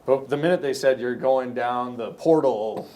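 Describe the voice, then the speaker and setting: A middle-aged Canadian man swaps stories from his years in construction, looping back on himself and restarting sentences as he goes. His voice sits at an ordinary middle pitch, with a faint hiss underneath it. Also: moderate pace, mellow. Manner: rambling, anecdotal, frequent restarts. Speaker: podcast guest, construction company owner. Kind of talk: casual storytelling.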